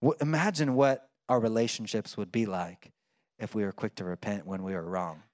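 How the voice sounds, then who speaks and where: Conversational preacher, dry sound. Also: male voice, on the low side, moderate pace, a little mellow, no room sound. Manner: conversational preaching with fillers and restarts. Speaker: pastor. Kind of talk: sermon.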